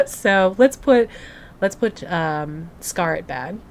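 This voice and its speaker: A woman's voice: fairly low pitch, lively intonation, drawn-out words, a little hiss or hum. A young woman streamer chatting casually and gushing to her live chat, full of "like" fillers. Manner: bubbly, gushing, filler-heavy. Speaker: game streamer.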